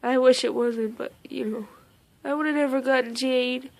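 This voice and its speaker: A young woman telling a personal story in a casual vlog, emotional and close to tears, talking haltingly with many fillers and restarts. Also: high voice, fairly even intonation, vocal fry. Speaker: vlogger.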